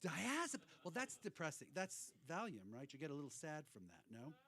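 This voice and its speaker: A man's voice: on the high side, huge pitch swings, brisk, a bit bright. Rambling, irreverent cabaret host, man. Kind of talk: cabaret stage banter. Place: hotel cabaret room.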